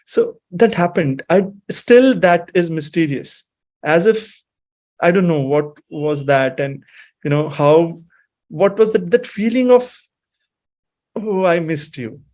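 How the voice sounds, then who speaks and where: A man in his thirties from Himachal with an Indian English accent, sharing a personal devotional story in a reflective, emotional and halting way. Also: fairly high pitch, expressive, darkish tone. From Himachal Pradesh, India. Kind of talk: personal testimony, mixing English and Hindi.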